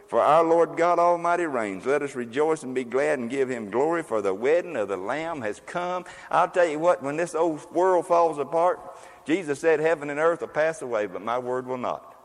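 Emphatic preaching man in echoey hall. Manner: preachy, emphatic, swings between loud exclamations and low asides. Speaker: pastor. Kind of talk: sermon.

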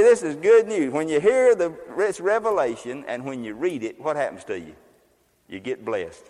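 A man preaching a sermon as a pastor, emphatic and fiery, with loud exclamations and quieter asides. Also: fairly high pitch, animated, normal speed, big-room sound.

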